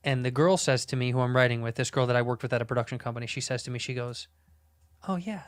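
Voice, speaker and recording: A man telling a rambling, profane story in a casual, animated way. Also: medium pitch, racing, clean tone.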